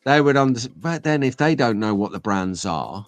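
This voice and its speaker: Middle-aged host, casual live-stream chatter, dry room, faint music. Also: male voice, medium pitch, expressive, normal speed, no room sound. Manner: chatty, rambling, reads chat comments aloud.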